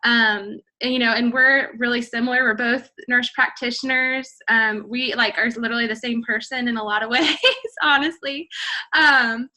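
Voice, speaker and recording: A woman, a health coach and nurse practitioner, praising a teammate in gushing, quick bursts on a call. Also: a little high, steady tone, sharp tone, poor audio. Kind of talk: casual team call talk.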